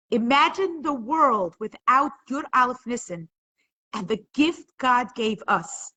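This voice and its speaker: A woman with a high, slightly bright voice leads a live online class, speaking with emotion and rising to emphatic peaks. When moved, she sometimes stumbles and repeats words. The audio is poor.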